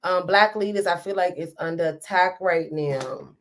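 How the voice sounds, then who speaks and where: A woman's voice: lowish voice, normal speed, a little hiss or hum. Black woman going live on her phone, preachy and emotional, keeps saying y'all. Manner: impassioned, preachy, near tears, addresses viewers as y'all. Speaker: host reading live comments. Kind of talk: emotional live-stream commentary.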